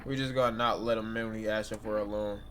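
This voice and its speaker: A man's voice: fairly low pitch, fairly even intonation, fast talker, background noise. Young man streaming a game casually. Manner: casual slangy banter addressing chat. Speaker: gaming streamer. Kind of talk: casual let's-play commentary.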